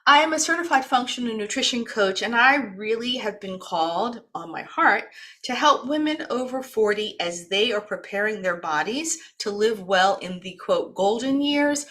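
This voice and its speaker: A talkative woman from the East Coast of the United States hosts a casual wellness session over a video call. Her voice is bright and ringing, and her pitch sits in a middle range. She chats freely and laughs easily as she introduces her guest. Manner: chatty, talkative, laughs often. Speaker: wellness program host.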